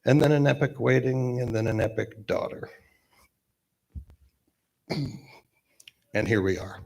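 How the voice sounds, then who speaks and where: A man in his fifties giving a eulogy at a memorial gathering with gentle humor, pausing often with fillers. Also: mid-range voice, gravelly. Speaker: eulogy speaker, best man.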